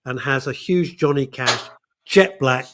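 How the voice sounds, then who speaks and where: A man hosting a chat show, telling anecdotes in an animated way and laughing as he goes. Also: medium pitch, a little slow. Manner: animated storyteller, laughs often. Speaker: host. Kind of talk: casual chat.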